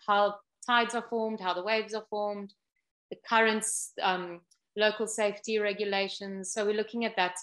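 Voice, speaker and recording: Woman interview guest, mid-pitched, earnest and methodical in explaining. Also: a bit bright. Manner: earnest, explanatory, lists ideas step by step. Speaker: ocean education program guest.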